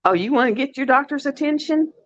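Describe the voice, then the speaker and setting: A woman's voice: high voice, lively intonation, quick pace, no room sound. Rambling woman telling stories on livestream. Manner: rambling, heartfelt storytelling. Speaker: livestream host. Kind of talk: casual chat with viewers. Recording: dull, dry lo-fi sound.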